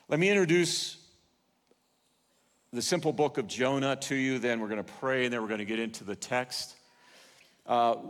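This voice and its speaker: An older man preaching a sermon in a church auditorium, telling stories with swings in loudness and pace. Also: mid-range voice, long reverb tail. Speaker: pastor.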